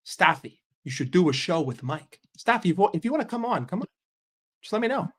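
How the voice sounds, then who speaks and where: A man's voice: sits high, big pitch swings, a little fast, slightly rough. An American man in a sarcastic, combative rant on a fan stream, swearing often. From United States. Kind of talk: ranting live stream.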